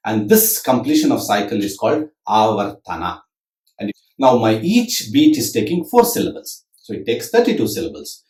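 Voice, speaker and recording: A man's voice: on the low side, big pitch swings, normal speed, darkish tone, far from the mic, a little hiss or hum. A middle-aged man teaching percussion, counting beats aloud and reciting drum syllables in rhythm. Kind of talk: demonstrating rhythm lesson. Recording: roomy echo with drum music.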